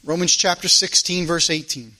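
A man preaching a sermon in a church as a pastor, swinging between loud emphasis and quiet asides, repeating phrases for emphasis. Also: fairly high pitch, steady tone, moderate pace. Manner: informal spoken grammar, repeats phrases for emphasis.

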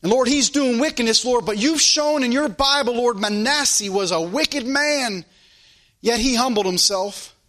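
A man's voice: extremely high pitch, normal speed, fairly bright tone. A man preaching a sermon and leading a closing prayer, with a fervent, repetitive preaching cadence. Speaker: pastor.

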